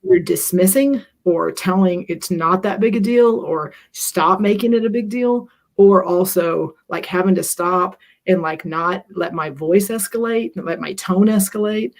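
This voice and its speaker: A middle-aged speaker with a mid-range pitch talks earnestly in a live stream conversation. They ramble a little and lean on fillers. They poke fun at themselves along the way. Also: a little slow, hardly any pauses. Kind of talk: reflective conversational talk.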